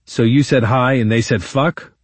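A man's voice: mid-range voice, fairly even intonation, moderate pace, no room sound, close to an everyday voice. A man reading the lines of a persistent male prosecutor who keeps pressing a witness with plain questions, within audiobook narration. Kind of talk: quoted courtroom dialogue in audiobook narration.

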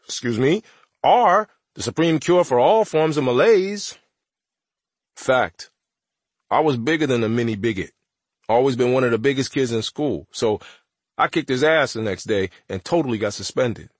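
A man narrates an audiobook in the first person, wry and conversational, in the voice of a teenage boy. His voice is husky and sits at a middle pitch. The recording is dry and close to the mic. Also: no room sound.

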